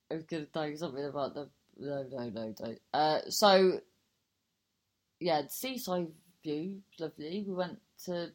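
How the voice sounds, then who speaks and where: A young woman telling a rambling, sweary personal anecdote in a casual chat, breaking into laughter and digressions. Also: lowish voice.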